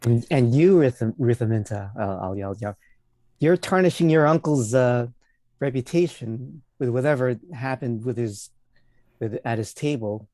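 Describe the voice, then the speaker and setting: A man voicing a stern elderly grandmother adventurer who yells reproaches. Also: medium pitch, unhurried, no echo, close to an everyday voice. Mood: reproachful. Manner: yelling, reproachful.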